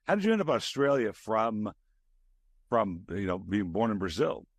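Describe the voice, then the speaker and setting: Man, older, podcast host, low pitch, rambling, dry close studio mic. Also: big pitch swings, moderate pace, no room sound. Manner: rambling with fillers, drops to a low mutter. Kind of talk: casual interview chat.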